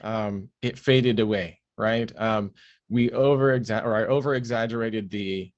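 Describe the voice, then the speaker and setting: A man who narrates audiobooks, speaking as a guest in a relaxed interview, explaining his craft at length with fillers and restarts. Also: fairly low pitch, a little slow, highs cut off.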